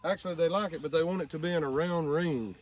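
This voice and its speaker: This fast-talking man has a fairly high voice, and a slight hiss or hum runs under the recording. Out doing farm chores, the homesteader and co-host chats with a toddler in a playful, doting baby-talk style. Crickets and farm animals can be faintly heard.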